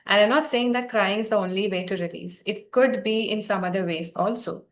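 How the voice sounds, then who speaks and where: A woman facilitating a guided healing session, speaking softly, gently and encouragingly to her group. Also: medium pitch, brisk.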